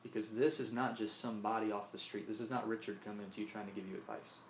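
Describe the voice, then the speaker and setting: A man's voice: lowish voice, little pitch movement, fast, slight background noise. A man from Mississippi preaching a sermon, earnest, often repeating himself and asking "right?". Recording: roomy echo, faint ambience.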